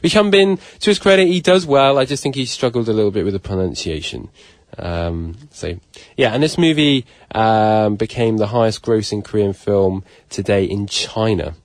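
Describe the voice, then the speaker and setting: Deep-voiced man talking film. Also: animated, moderate pace, no echo. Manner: chatty, hesitant with many ums. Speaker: radio show film critic guest. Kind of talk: casual radio chat.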